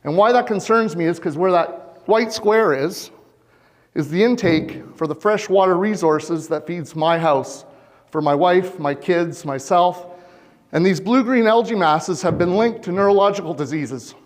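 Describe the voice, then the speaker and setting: An earnest man from Canada gives a farmer's talk to a hall, putting questions directly to the crowd. His voice runs fairly high for a man. A long hall reverb trails behind each phrase from his lapel mic. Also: a little slow. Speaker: farmer giving a conference talk. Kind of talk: public presentation. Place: conference hall.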